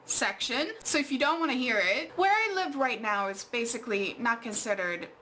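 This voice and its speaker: Bright-voiced woman telling an angry story. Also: a little high, animated, moderate pace, slight background noise. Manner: angry, exasperated storytelling with many fillers and swearing. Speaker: art vlogger. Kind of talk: casual storytime vlog.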